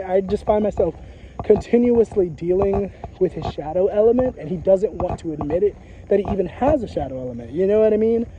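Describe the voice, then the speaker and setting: A high-pitched man with a very dark, mellow timbre vents in a loose, rambling monologue. He swears freely and circles back to his points over and over. The recording sounds dull and lo-fi, with faint noise behind him. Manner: profane, repetitive, emphatic, frequent filler phrases. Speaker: psychic vlogger. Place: outdoors in a graveyard.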